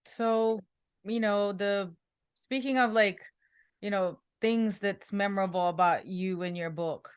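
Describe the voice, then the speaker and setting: A woman's voice: medium pitch, a little slow, clear, resonant tone, no room sound, clean studio sound. A woman in her thirties co-hosting an interview, chatty and full of fillers. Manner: chatty, laughs often, many fillers. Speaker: podcast co-host. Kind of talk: casual interview conversation.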